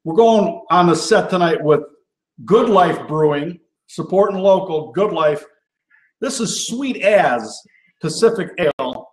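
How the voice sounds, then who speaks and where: A man's voice: high voice, measured pace, echoey room. A man hosting a live cooking show in casual, chatty talk. He keeps tagging his points with "all right?" and gets worked up as he goes. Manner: enthusiastic and animated, gets worked up. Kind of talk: casual live-stream chat.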